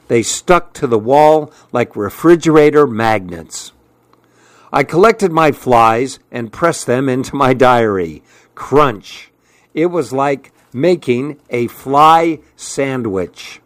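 Male host, reads a novel aloud at an easy, slow pace, dry sound. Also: medium pitch, lively intonation, no echo.

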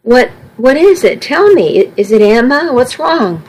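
Woman doing a worried man, gentle, pleading, audiobook. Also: fairly high pitch, sing-song, measured pace, slightly rough, voice pushed up, heavily acted, poor audio. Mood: worried, tender. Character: worried loving man, the groom.

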